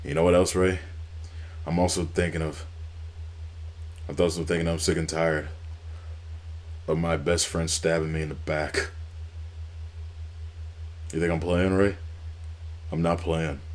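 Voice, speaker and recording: Deep, threatening male wrestler , done by a man, low and quiet, repeating his threats. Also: little pitch movement, a little slow, long pauses. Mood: menacing. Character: menacing male wrestler turning on his friend.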